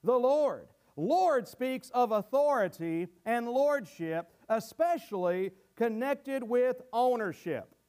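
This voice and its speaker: A man's voice: very high voice, animated, takes it slowly, hardly any pauses, a little mellow, clear, resonant tone. A man preaching a sermon to his congregation, earnest and teaching verse by verse, often repeating words as he goes.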